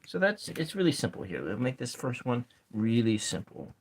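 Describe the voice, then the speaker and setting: A man giving a soft-spoken ASMR lesson at his writing desk, thinking aloud as he counts syllables and spells out words. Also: medium pitch, big pitch swings, moderate pace. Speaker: ASMR poetry teacher. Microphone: camera set over his desk.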